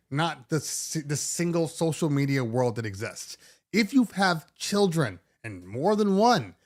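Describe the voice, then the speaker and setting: A middle-aged man hosting a DJ podcast, talking casually in an animated, sarcastic way with many restarts. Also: fairly high pitch. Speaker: DJ podcast host. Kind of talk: casual monologue.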